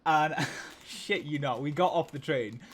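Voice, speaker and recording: A man's voice: a little high, measured pace, a bit bright. Sweary Scottish man rambling over gameplay. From Scotland. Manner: rambling, sweary, laughs often, many fillers. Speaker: livestream host playing a train simulator. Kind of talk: casual gaming commentary with anecdotes.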